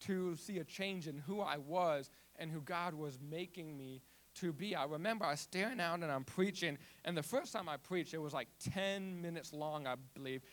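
Young man, stutter, animated testimony, higher-pitched voice. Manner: repeats and restarts words, animated storytelling. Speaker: youth ministry volunteer. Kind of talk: personal testimony.

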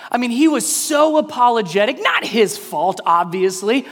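A pastor in his thirties telling a family story as a sermon illustration, acting out his kids' voices in high shouts. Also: lively intonation, moderate pace. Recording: long hall reverb.

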